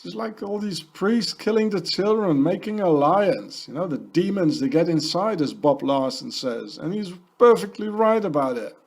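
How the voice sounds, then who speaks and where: A man's voice: high voice, expressive, normal speed, creaky, hardly any pauses, slightly rough. A man narrating a conspiracy video in a rambling, ranting voice-over, full of fillers and restarts.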